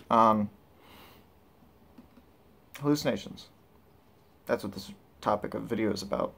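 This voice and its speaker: A man's voice: on the low side, takes it slowly, gravelly, fairly bright tone, husky. A man talking casually to camera as a vlogger, rambling and candid with lots of filler words. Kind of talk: casual vlog talk.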